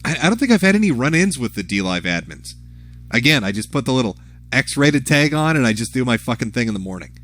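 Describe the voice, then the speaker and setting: A man's voice: mid-range voice, big pitch swings, a little fast, a bit bright. Profane, laughing male streamer. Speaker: livestream host. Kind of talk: casual live commentary.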